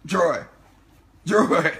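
A man behind a phone camera, ribbing his friend, swearing and laughing as he goes. His voice is bright and gravelly, slow-paced, and it swoops all over the place. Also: a little high, expressive. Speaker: friend filming a drunk buddy. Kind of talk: casual home video banter.

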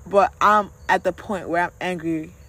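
A candid, conversational voice giving casual motivational advice to camera. The speaker talks to listeners directly and familiarly, with a middling pitch. Now and then a blunt swear word slips into the talk. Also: fairly even intonation, moderate pace, sharp tone. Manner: candid, conversational, with occasional profanity.

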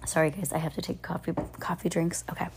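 A woman reading a novel aloud in a relaxed, unpolished way, often tripping over words and starting again. Her voice sits a little low, and it jumps up in pitch whenever she speaks a character's line. She drops in offhand asides between the sentences. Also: fast, gravelly, a little hiss or hum. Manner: stumbles and restarts often, adds asides; raises pitch for characters' lines. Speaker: amateur audiobook reader. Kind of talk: casual read-aloud of a novel.

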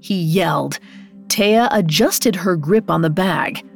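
Expressive woman reading a fairy tale. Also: fairly low pitch, takes it slowly, creaky, soft background music. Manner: expressive, with rises on dramatic beats. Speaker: storyteller. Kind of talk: scripted story narration.

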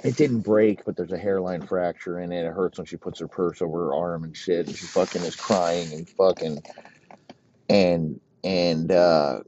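A man telling a crude, rambling comedic story in a profane, deadpan way. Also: low-pitched, normal speed, a little hiss or hum. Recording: dull lo-fi recording.

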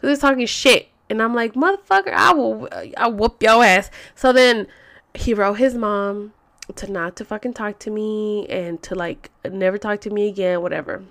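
A woman's voice: medium pitch, fairly even intonation, moderate pace. A woman telling a long personal story on a vlog, rambling and swearing, with "like" in every other phrase. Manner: rambling, profane, frequent "like" fillers. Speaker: vlogger.

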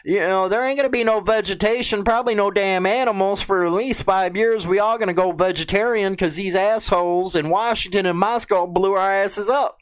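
A man's voice: high-pitched, steady tone, a little fast, hardly any pauses, clean tone. A man with a Chicago accent who swears constantly, reads out news and angrily mocks it. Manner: crude, indignant, swears a lot. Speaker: vlogger. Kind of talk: profane political rant.

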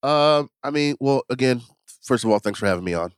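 A man's voice: medium pitch, animated, brisk, clean tone, no room sound. A man, a guest on a sports podcast, delivering an exasperated comedic rant full of rhetorical questions. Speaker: guest ranting about his team.

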